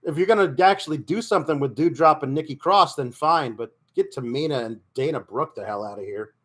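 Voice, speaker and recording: A man's voice: fairly high pitch, a little fast, fairly bright tone. Exasperated man reacting live. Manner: exasperated, restarts often. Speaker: streamer.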